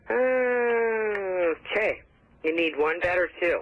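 A woman's voice: on the low side, sharp tone, slight background noise. A woman working as a hotel reservations clerk on a phone call, polite and trying to stay professional while giggling. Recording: tinny phone line.

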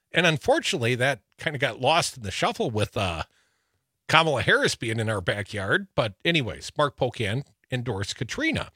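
Husky, lively talk radio man from Wisconsin. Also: on the high side, no echo, studio quality. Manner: wry, teasing news rundown with asides. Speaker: radio show co-host. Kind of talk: political talk radio banter.

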